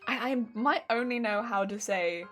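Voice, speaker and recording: A woman streamer chatting casually with her live chat while crafting, laughing often, her weak voice cracking when her pitch changes. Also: moderate pace, fairly bright tone, soft background music. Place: home crafting stream setup.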